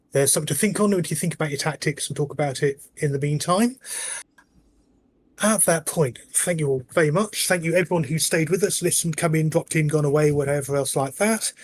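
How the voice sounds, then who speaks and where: A man acting as game master, narrating the end of a round and closing the session in an unhurried, encouraging way. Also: on the high side, a little hiss or hum.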